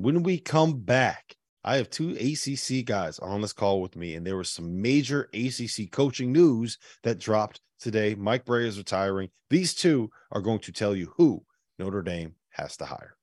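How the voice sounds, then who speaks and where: Man, podcast host, lowish voice, dry close mic, emphatic. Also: darkish tone, dry recording. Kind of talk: casual sports podcast chat.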